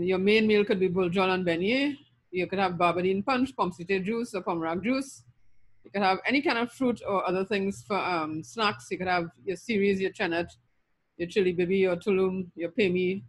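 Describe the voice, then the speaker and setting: A woman's voice: fairly low pitch, fairly even intonation, moderate pace. A middle-aged woman from Trinidad with a Trinidadian accent, giving a recorded linguistics lecture and listing terms steadily with frequent ums.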